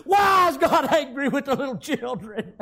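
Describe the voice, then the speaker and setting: A man's voice: very high-pitched, animated, moderate pace, gravelly, bright, forceful tone, voice pushed up, exaggerated voice. A man voicing a little boy who pleads with his grandfather and asks question after question. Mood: pleading.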